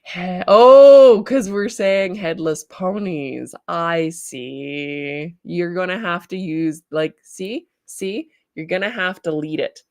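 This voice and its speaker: A woman with a Canadian accent, hosting a casual livestream, bubbly and quick to laugh as she chats with viewers. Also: lowish voice, no echo, studio quality. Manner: bubbly, reads chat comments aloud and laughs often. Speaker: livestream host, studio owner.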